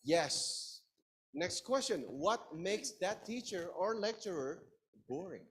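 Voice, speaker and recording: Lively man teaching a class. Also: sits high, slow pace, breathy edge, rough recording. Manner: lively, engaging, asks the audience questions. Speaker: lecturer. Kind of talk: interactive classroom lecture.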